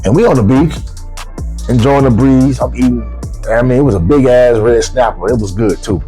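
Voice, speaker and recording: A man with features, casually telling a travel story as a vlogger, swearing freely and jumping up in pitch when he quotes himself. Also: normal speed, soft background music. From United States. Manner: animated, profane, rises sharply when quoting himself.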